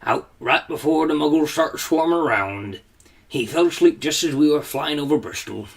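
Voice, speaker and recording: A man voicing a huge, shaggy, tender-hearted male giant, with a stammering, gruff voice, reading a children's story aloud. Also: on the high side, animated, normal speed, distant mic, full character voice. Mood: matter-of-fact.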